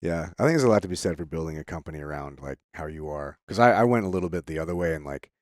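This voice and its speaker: A man hosting a podcast in casual chat, laughing often and reacting quickly and encouragingly. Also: extremely low pitch, animated, darkish tone, dry recording, clean studio sound. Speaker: podcast host.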